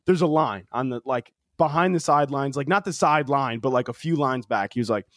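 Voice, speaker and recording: Fast and nearly pause-free, a young podcast co-host in a mid-range voice tells a loose, casual story, swearing freely and saying "like" constantly. The recording is dry, with clean studio sound.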